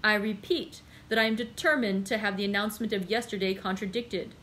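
A woman's voice: mid-range voice, a little fast, fairly bright tone, a little hiss or hum, natural voice. A woman reading the part of a proud young male viscount who speaks coldly and formally in a storybook reading. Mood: indignant. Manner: cold, formal, insistent.

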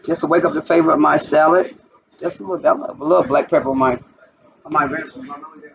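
In a noisy, muffled, distant recording, a woman runs a home-kitchen cooking channel and speaks to viewers as she works. She talks fast in a low, creaky voice with fairly even intonation.

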